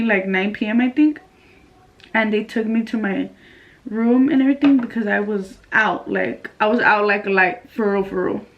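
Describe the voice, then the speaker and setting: A young woman from California tells a casual storytime in a chatty, slightly high voice, swearing freely and acting out what others said. The recording sounds a little dull and lo-fi. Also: a little hiss or hum. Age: young adult. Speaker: vlogger.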